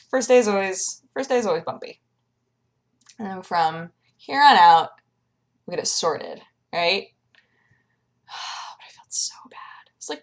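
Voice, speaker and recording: A young woman chatting casually in a vlog, lively and animated, acting out the people she quotes in a higher voice. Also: moderate pace. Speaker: vlogger.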